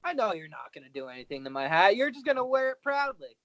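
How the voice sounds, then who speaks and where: Cocky wrestler on a dull video call. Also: male voice, high voice, sing-song, fast talker, fairly bright tone, no echo. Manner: boastful, cocky heel bravado. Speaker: pro wrestler guest. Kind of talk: casual interview chat.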